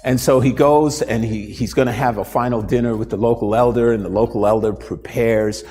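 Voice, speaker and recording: A man hosting a talk, telling a story in an animated, conversational way and then leading a live demonstration. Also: medium pitch, brisk, big-room sound, a little hiss or hum. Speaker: host and motivational speaker.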